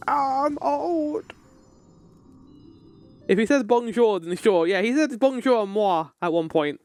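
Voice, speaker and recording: A man's voice: extremely high pitch, very animated, takes it slowly, no room sound, soft background music. A man streaming a game, reading its dialogue aloud and joking with chat in casual commentary. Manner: reads game text aloud, then jokes to chat.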